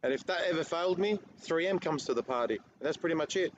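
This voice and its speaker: On a casual podcast, an Australian car detailer appears as a guest and tells a rambling story quickly, in a fairly high voice with lively intonation. The audio is muffled and lo-fi with faint background noise.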